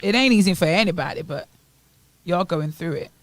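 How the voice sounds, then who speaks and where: A Bahamian woman co-hosting a morning radio show in casual chat, playful and wordy with quick asides. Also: fairly low pitch, expressive, no echo. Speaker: radio co-host. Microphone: studio microphone.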